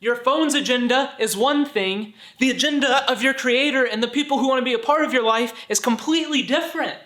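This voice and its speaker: Fairly quick and bright, this high-voiced vlogger gives a faith-based pep talk. His tone is sincere and sermonizing yet lighthearted, and he uses silly voices to make his points.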